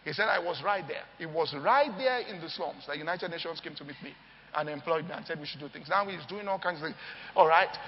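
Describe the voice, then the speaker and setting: A man's voice: fairly high pitch, fairly quick, slight background noise. A man preaching a sermon, telling stories with energy and often asking the crowd if they follow him. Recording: long hall reverb, dull lo-fi sound.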